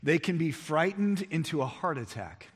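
A man preaching a sermon as pastor, emphatic, building to near-shouts on key points. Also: on the high side, big pitch swings, normal speed, husky. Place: church sanctuary. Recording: long reverb of a large hall.

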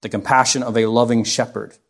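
A man's voice: medium pitch, little pitch movement, brisk. A man teaching a Bible lesson, reading scripture aloud and asking his listeners rhetorical questions.

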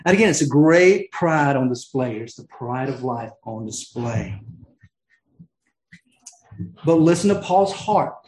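A man's voice: medium pitch, lively intonation, measured pace, pauses often, darkish tone. Earnest man preaching in an echoey room. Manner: earnest, restarts often, rises into emphatic peaks. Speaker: pastor. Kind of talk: sermon.

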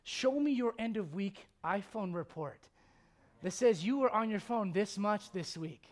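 A male pastor preaching a blunt, confrontational sermon, swinging from loud outbursts to hushed intensity. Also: high voice, lively intonation, unhurried.

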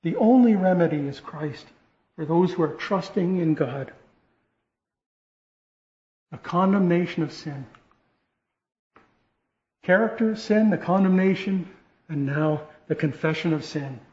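A man's voice: on the high side, expressive, measured pace, long pauses, a little mellow. A man preaching a sermon, earnest, often restarting phrases and rising to stress key points. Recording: echoey room, dull lo-fi sound.

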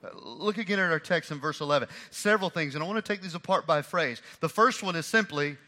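A man preaching a sermon, emphatic and repeating phrases for stress, swinging between hushed and loud. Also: on the high side, fast. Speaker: pastor.

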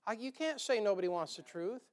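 Animated and a little fast, a high-voiced man delivers a church sermon in a northern US accent. He rambles in a folksy manner, twangy and nasal, tossing in joking asides.

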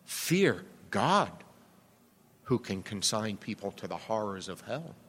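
A man's voice: on the low side, big pitch swings, takes it slowly, a bit bright. A man preaching a sermon, earnest and emphatic, asking rhetorical questions and pressing his points home. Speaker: pastor. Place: church sanctuary. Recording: long reverb of a church hall.

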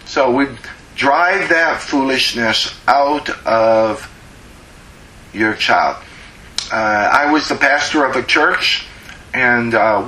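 A man preaching a sermon as a pastor, slow and emphatic, drawing out words to press his points. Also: mid-range voice, pushed and bright, reverberant, poor audio.

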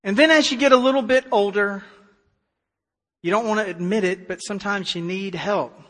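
A man preaching a sermon as pastor, emphatic, swinging between hushed stretches and loud declarations. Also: sits high, moderate pace. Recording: long hall reverb.

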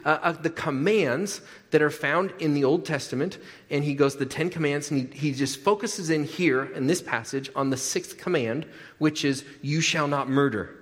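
A man preaching a sermon as a pastor, animated, often repeating his words and checking in with the congregation. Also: a little high, moderate pace. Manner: animated, repeats words, asks the crowd "right?". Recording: long hall reverb.

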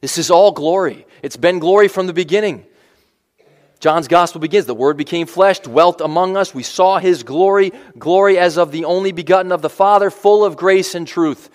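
A man's voice: high-pitched, moderate pace. Man preaching in a reverberant hall. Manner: conversational preaching with asides and restarts. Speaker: pastor. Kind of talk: sermon.

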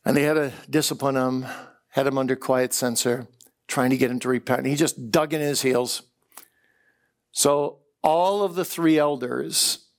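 Earnest male preacher with gravelly voice. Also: medium pitch. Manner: earnest storytelling, repeats words when excited. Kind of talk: chapel sermon. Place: chapel service.

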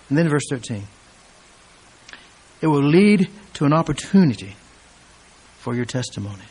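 A man preaching an expository sermon, reading scripture aloud and building to loud, emphatic peaks when he quotes it. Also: on the high side, sing-song, moderate pace, long pauses, husky.

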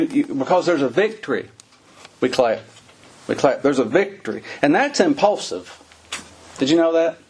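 A man's voice: fairly high pitch, a little mellow, breathy edge. A middle-aged man preaching a sermon in a folksy, conversational way, asking his listeners rhetorical questions.

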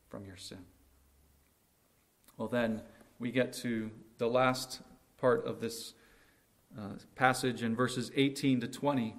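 A man preaching a sermon with emphasis, slowing and dropping to a hush on key words and acting out quotes. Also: medium pitch. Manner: acts out quoted speech with quick, raised lines. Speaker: pastor.

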